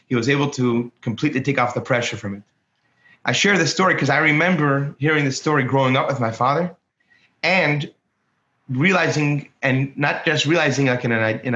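A man, a rabbi co-hosting, telling stories in casual conversation with many restarts, acting out the voices of the people in them. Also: medium pitch. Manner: animated, acts out quoted voices, many restarts. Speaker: rabbi, co-host. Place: home, speaking remotely. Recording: roomy, dull lo-fi call audio.

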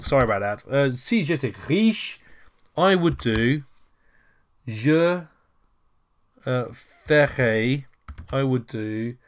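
A man teaching French in a casual lesson, chatty and self-correcting, who calls his viewers ladies and gents. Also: medium pitch. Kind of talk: casual lesson while writing on a board.

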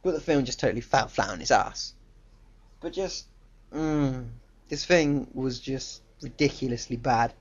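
A man's voice: mid-range voice, measured pace. A man giving a casual, ranting film review, blunt, profane and exasperated, on a dull lo-fi recording.

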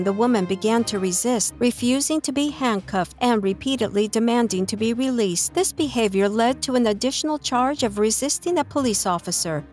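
Woman narrating over soft music. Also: a little high. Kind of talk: scripted narration. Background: faint music.

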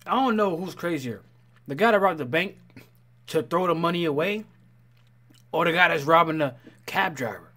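A man's voice: a little high, moderate pace, long pauses. A man hosting a reaction video, talking in a casual, slangy way as he comments on clips. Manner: animated, slangy, says "bro" a lot.

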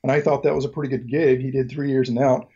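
Fast and warm with a breathy edge, this medium-pitched voice barely moves in pitch, and the recording's highs are cut off. It belongs to a middle-aged man from Mississippi with a Southern accent, a guest telling rambling, joking stories in a casual interview with many ums and restarts.

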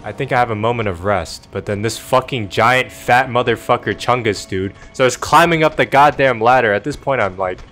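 Brief: man, lowish voice, profane sarcastic ranting, comedic gaming voice-over. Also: brisk, few pauses, fairly bright tone, soft background music. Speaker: gaming video narrator.

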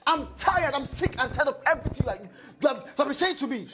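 A woman's voice: high-pitched, animated, fast talker, fairly bright tone, slight background noise. A woman with a Nigerian accent acting an exasperated husband who scolds his wife in a comedy skit. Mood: scolding. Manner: scolding, mixes Nigerian Pidgin. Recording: music playing underneath.

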